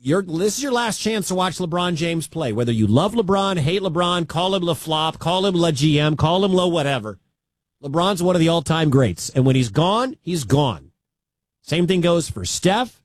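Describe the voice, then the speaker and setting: Male sports radio host, punchy and repetitive, fairly high voice, dry booth sound. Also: lively intonation, moderate pace, no room sound. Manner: emphatic, repeats key points.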